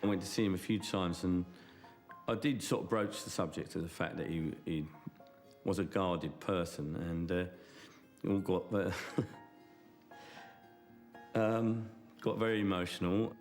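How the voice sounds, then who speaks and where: A man in a documentary interview, speaking haltingly and reflectively. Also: low voice, faint music behind. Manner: halting, reflective, many fillers.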